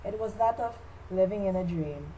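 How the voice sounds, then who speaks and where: Casting: teen girl, cheeky and jokey, presenting as a playwright in a school skit, soft, mellow tone. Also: mid-range voice, moderate pace, slight background noise, rough recording. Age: teens. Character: playful playwright recounting his life. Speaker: student presenter. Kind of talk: school project skit, playing a famous playwright.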